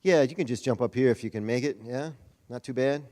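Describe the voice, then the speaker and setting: Speaking a little fast with a mellow, medium-pitched voice, a Rotary district leader delivers a folksy, chatty conference speech. He jokes with the audience over a PA mic, and the large hall makes the recording reverberant.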